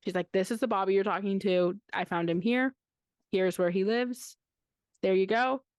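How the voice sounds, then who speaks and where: A woman's voice: mid-range voice, moderate pace, smooth, no echo, studio quality. A woman co-hosting a podcast, casually recapping a story with slang and acted-out quotes. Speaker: podcast co-host.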